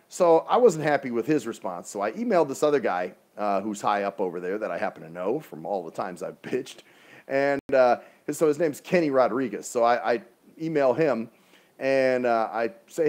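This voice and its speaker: A man's voice: medium pitch, very animated, moderate pace, a little mellow. A man telling an exasperated, profane story in a casual ranting livestream, speaking into a phone.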